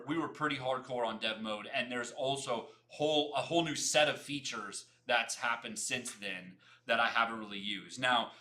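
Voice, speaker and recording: A young man hosts a casual livestream, his voice bright and forward. He talks fast, repeats phrases and chats straight to his viewers. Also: medium pitch. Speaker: livestream host.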